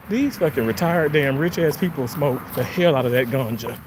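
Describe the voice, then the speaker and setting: A vlogger walking outdoors on a sidewalk, talking to viewers in rambling, profane, excitable commentary. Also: medium pitch, moderate pace, few pauses. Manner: profane, excitable, bursts into sung snippets and laughter. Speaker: vlogger streaming on a walk. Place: outdoors on a street sidewalk with trees and cars. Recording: noisy outdoor street recording.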